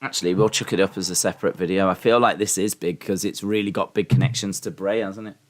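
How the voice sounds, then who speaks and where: A man's voice: sits low, fairly even intonation, fast. A man hosting a live wrestling watch-along, chatting and answering his viewers in rambling asides. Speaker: livestream host.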